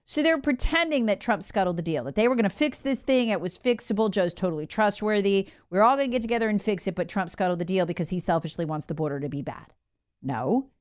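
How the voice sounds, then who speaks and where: A woman's voice: mid-range voice, no room sound, clean studio sound. A woman hosting a political commentary show, talking in an emphatic, indignant monologue with sarcastic asides.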